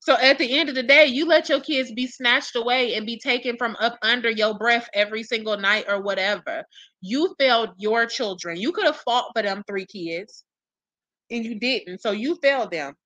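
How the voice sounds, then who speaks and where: Woman vlog host, blunt and profane, bright tense voice, a little high, dry close mic. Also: moderate pace, no echo. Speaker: commentary channel host. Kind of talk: casual gossip commentary to viewers.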